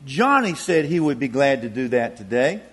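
A man's voice: medium pitch, big pitch swings, normal speed, a bit bright, slightly rough, voice pushed down. A man voicing a sly little girl who blackmails her brother, sweet and innocent-sounding. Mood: sweetly scheming.

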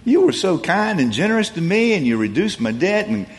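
Raised-pitch grateful debtor, effusive and eager to please, as a preacher puts him on. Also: male voice, big pitch swings, a little fast. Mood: gushing. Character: grateful man whose debt was cut.

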